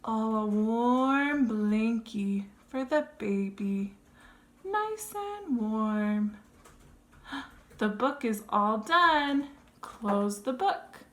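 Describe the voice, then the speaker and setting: Woman reading a baby book super slow, sing-song, lots of gasps and little sound effects, voice sits a bit high. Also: fairly bright tone. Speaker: early childhood educator. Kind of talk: reading a board book aloud to toddlers; explaining tips to parents.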